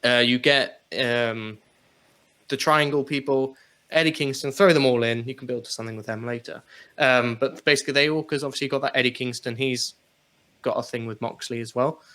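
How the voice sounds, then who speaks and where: Male co-host, bright tense tone, animated casual chat about wrestling. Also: mid-range voice, a little fast. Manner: animated, laughs, swears casually. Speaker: podcast co-host.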